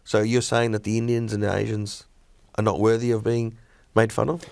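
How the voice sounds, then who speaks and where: A man's voice: fairly low pitch, normal speed, gravelly, smooth, dry recording. Blunt middle-aged man. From Australia. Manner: blunt, opinionated, animated storytelling. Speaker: stand-up comedian, guest. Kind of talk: casual podcast chat.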